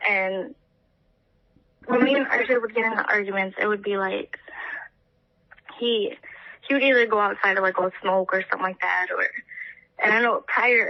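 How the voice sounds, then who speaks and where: Halting young woman telling her story. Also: medium pitch, highs cut off. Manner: halting, full of fillers and restarts. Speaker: interviewee, partner of the missing man. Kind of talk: emotional personal account.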